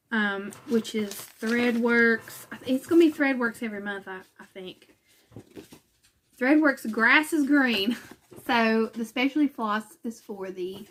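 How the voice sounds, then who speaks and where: A woman's voice: fairly high pitch, fairly bright tone, a little hiss or hum. A woman from West Virginia hosting a cross-stitch channel in casual chat from home, talking in a chatty, self-conscious way with fillers and laughs.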